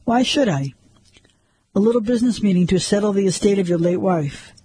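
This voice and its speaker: A man's voice: high-pitched, a little fast, dark tone, slightly rough, no room sound. A man voicing a cruel older blackmailer with a cold West Pennsylvania accent, taunting and menacing on the phone in a storybook reading.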